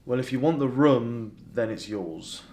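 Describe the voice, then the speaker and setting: A young man, chatting casually about books on his vlog. His delivery is dry and deadpan, with an enthusiastic streak, and his pitch sits in the middle of the range. The sound is somewhat roomy and echoey. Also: measured pace, slight background noise. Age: young adult. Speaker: book vlogger. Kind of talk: casual chat. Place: indoors in a flat. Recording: echoey room.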